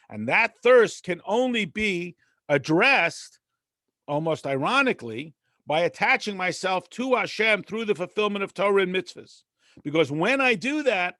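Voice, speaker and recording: A man's voice: high voice, no room sound, studio quality. A middle-aged man, a rabbi, teaching a conversational text lesson and acting out bits of dialogue. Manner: acts out dialogue with lively voices.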